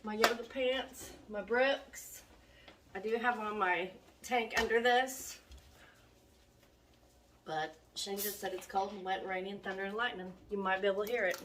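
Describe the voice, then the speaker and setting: A woman's voice: mid-range voice, fairly even intonation, moderate pace. A middle-aged woman chatting to camera in a casual, disappointed, rambling way. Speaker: vlogger. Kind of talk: casual vlog talk to camera. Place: in a car on a rainy day. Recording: noisy car recording.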